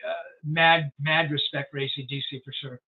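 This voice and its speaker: A man's voice: a little high, little pitch movement, normal speed. An older man, a music journalist, telling long rambling anecdotes in an interview, with many fillers. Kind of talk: storytelling interview. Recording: tinny phone-like sound.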